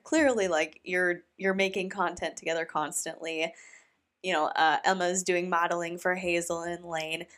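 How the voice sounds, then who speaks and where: A woman hosting a reaction commentary, talking in a sarcastic, animated and incredulous way. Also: fairly low pitch. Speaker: commentary host.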